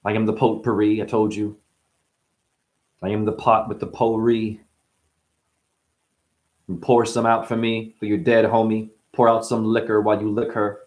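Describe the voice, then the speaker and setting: A man's voice: fairly low pitch, little pitch movement, moderate pace, long pauses, a little mellow. Man freestyling rambling wordplay rhymes. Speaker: freestyle rapper. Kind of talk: freestyle rap.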